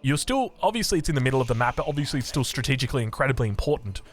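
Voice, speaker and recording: Lively Australian male game caster. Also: mid-range voice, rapid-fire. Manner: chatty, animated and joking. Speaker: esports caster. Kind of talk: live game commentary.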